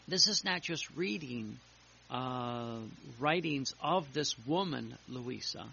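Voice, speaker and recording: A man preaching a sermon, reading devotional texts aloud and explaining them in an earnest, halting way with many restarts. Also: mid-range voice, expressive, vocal fry, pushed and bright. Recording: lo-fi with faint hiss.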